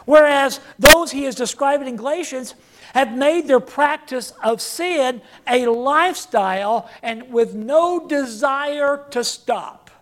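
A preacher taking a slow, measured pace through a sermon, with a mid-range voice. Key phrases come round again and again for emphasis. The listeners are regularly asked to repeat lines and answer back. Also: medium pitch.

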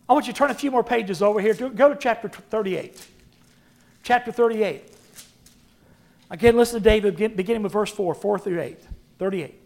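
A pastor preaching a sermon to his congregation, swinging from loud emphatic lines to hushed low phrases and calling for responses. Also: fairly quick, creaky, pauses often.

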